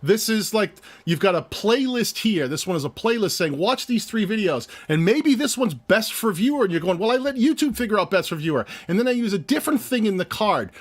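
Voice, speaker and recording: A man with a voice pitched a little high co-hosts a live stream. He talks casually and with energy, explaining ideas and walking through what he clicks on screen. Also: big pitch swings, a little fast, few pauses. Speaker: co-host of a channel review live stream.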